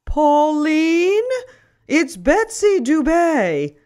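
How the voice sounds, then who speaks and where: A woman's voice: sits high, sing-song, drawn-out words, a little mellow, pitched above the performer's own voice, full character voice. A woman doing a flustered headmistress on the phone. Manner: hesitant, flustered.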